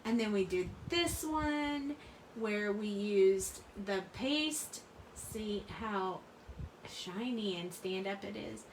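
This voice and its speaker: A woman's voice: mid-range voice, expressive, takes it slowly, slight background noise. Chatty woman crafter in an echoey room. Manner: chatty, rambling, laughs often. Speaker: crafting channel host. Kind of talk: casual chat while crafting. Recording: roomy room, mic at a distance.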